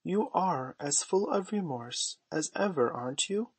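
A man voicing a gentle, anxious mother who speaks timidly and pleads. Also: a little high, lively intonation, measured pace, husky, no echo, voice pushed up, exaggerated voice.

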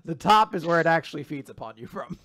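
A podcast co-host joking in casual banter with quick asides. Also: medium pitch, lively intonation, fairly bright tone.

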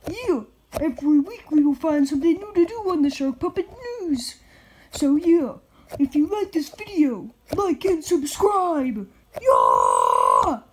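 A woman hosting a playful puppet news skit, excitable and bursting into shouts, with faint noise behind. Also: high-pitched, low-quality recording. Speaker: host of a puppet news video.

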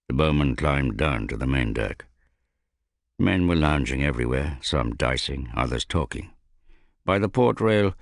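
A man narrating a fantasy novel audiobook in a measured, even storytelling manner. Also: a bass voice, no echo, clean studio sound.

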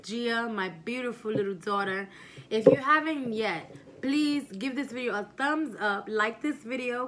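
Casting: young woman, mukbang host, bright, slightly high voice, relaxed motherly chat, faint room noise. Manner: relaxed, motherly, chatty while eating. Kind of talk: casual eating vlog chat.

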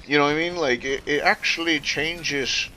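Fields: man. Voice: bright, sharp. Style: rambling casual chat while gaming. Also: a little high, steady tone, normal speed. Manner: rambling, filler-heavy, swears casually. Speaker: streamer.

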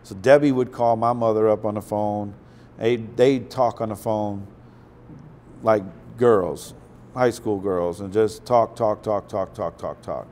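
Man telling stories, profane and animated. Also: fairly low pitch, a little slow, a little hiss or hum. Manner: profane, animated storyteller who acts out quotes. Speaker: guest. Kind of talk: casual interview storytelling.

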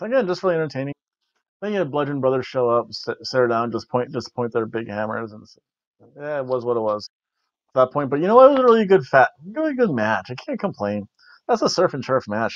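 The wrestling review show host talks at a medium pitch in a loose, joking ramble with many restarts. His dull lo-fi recording is dry, without echo.

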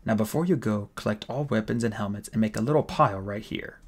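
A man's voice: on the low side, quick pace, husky. A man voicing a huge male bodyguard, blunt and commanding, as he reads an audiobook. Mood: menacing. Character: huge menacing male bodyguard, calm and threatening.

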